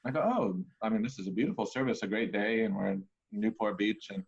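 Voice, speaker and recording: Animated storytelling man, faint noise. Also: lowish voice, fast talker, creaky, lo-fi sound. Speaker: pastor, podcast co-host. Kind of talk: casual chat, storytelling.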